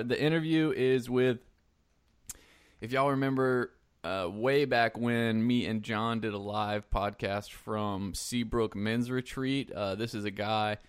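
A man's voice: lowish voice, smooth, dry recording, clean studio sound. A man hosting a podcast in casual chat, joking around and laughing often. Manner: joking, laughs often, breaks into mock singing. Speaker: podcast host.

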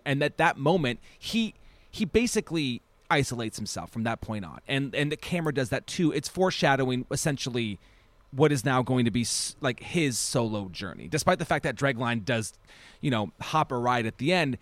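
A podcast co-host with a mid-range, lively voice talks briskly and casually about a film. He's enthusiastic and rambling, correcting himself with many restarts, and there's no echo.

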